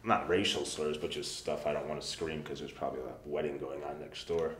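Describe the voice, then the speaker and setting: A man's voice: extremely low pitch, steady tone, fairly quick. A man telling a rambling, profane anecdote as a guest in casual chat, acting out the quoted lines. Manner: profane storyteller who yells out the quoted lines. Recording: roomy echo with faint noise.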